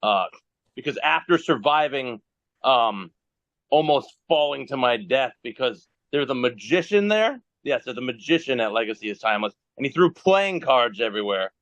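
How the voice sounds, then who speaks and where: A man's voice: medium pitch, animated, normal speed, a bit bright, no room sound, highs cut off. A man telling rambling, self-mocking stories in a casual podcast chat over a phone video call. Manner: rambling storyteller who laughs at himself. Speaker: guest wrestler.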